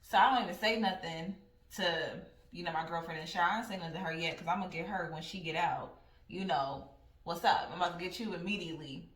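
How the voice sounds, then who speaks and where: A woman's voice: fairly low pitch, quick pace. Blunt, profane woman vlogger in a roomy space. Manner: blunt, profane, animated storytelling. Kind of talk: casual storytime. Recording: roomy sound from a distant mic.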